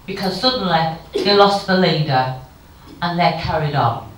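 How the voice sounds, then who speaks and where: Speaking a little slowly in a fairly low voice, this keynote speaker, a woman in her fifties, delivers a candid and emotional talk laced with wry humour. The recording, made in a conference hall, is very echoey and distant from the microphone.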